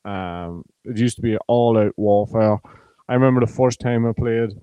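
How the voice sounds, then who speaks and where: Irish male pundit, low mellow flat delivery, hesitant, dry close sound. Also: smooth, no room sound, muffled recording. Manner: measured, hesitant with frequent ums. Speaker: pundit, former player and college coach. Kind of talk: casual sports chat.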